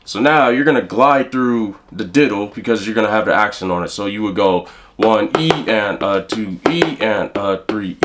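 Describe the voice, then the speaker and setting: Low-voiced casual drum teacher. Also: male voice, a bit bright. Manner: counts rhythms aloud, casual explaining. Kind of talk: instructional drum lesson.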